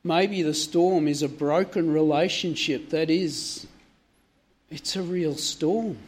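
A man with a fairly high voice delivers a sermon from the pulpit. He speaks to the congregation directly and keeps turning to questions he puts to each listener. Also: fairly even intonation, slow pace, darkish tone. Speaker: preacher.

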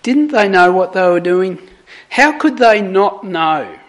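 A man's voice: high-pitched, expressive. A man preaching a sermon, reading scripture aloud with dramatic emphasis on the quoted words before reflecting on them. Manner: slow, deliberate, dramatic emphasis on quoted lines.

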